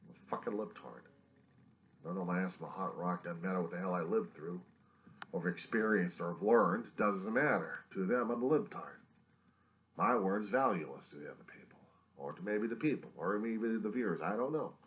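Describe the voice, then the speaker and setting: A distressed man rants into his video diary in a fairly low voice. He sounds bitter and profane. He swings between loud angry outbursts and hushed, near-whispered lines. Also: brisk, muffled recording. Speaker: video diarist.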